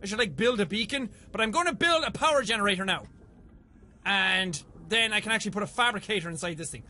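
A man giving casual, excitable commentary while playing a video game, swearing freely and yelping when startled. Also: sits high, fast, a little hiss or hum. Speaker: let's play gamer.

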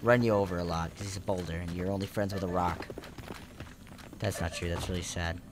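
A man's voice: low-pitched, fairly even intonation, a little fast, very noisy. A young man hosting a casual let's play, joking crudely and rambling as he plays, dropping to mutters and jumping to squeals. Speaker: gaming channel host.

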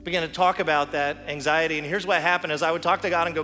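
A man's voice: fairly high pitch, fairly even intonation, fast, few pauses, soft background music. Man preaching in a reverberant church hall. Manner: earnest, personal storytelling with soft prayer. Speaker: teaching pastor. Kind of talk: sermon. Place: church sanctuary.

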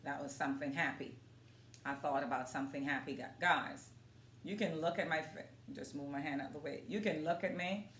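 Earnest low-voiced woman vlogger, roomy echo. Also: a little fast, fairly bright tone, a little hiss or hum. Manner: earnest, talks straight to viewers. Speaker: motivational vlogger. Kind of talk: casual demonstration vlog.

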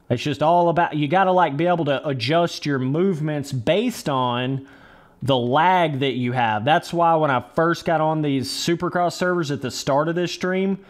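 Young guy streaming a dirt bike game, cussing, hyping himself up, talking to chat like his brothers. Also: a little high. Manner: casual, profane, talks to chat as brother and dudes; talks himself through the race under his breath. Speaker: live streamer. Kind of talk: live gameplay commentary.

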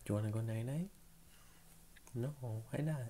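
Soft-spoken father coaxing at bedtime. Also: medium pitch, moderate pace, slight background noise. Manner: gentle, patient, softly coaxing. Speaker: father putting child to bed. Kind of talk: casual bedtime chat.

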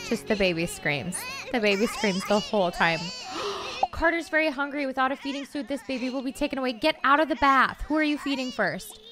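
A woman's voice: sits high, a little fast. A woman hosting a life-sim let's-play, chatting casually and bursting into frantic pleading at her characters. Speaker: gaming channel host.

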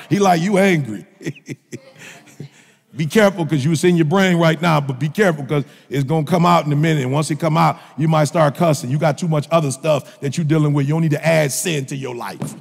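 A male minister preaching a sermon in a colloquial, joking style, with impassioned shouts and repeated phrases. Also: a little high, creaky, husky. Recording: long reverb of a large hall.

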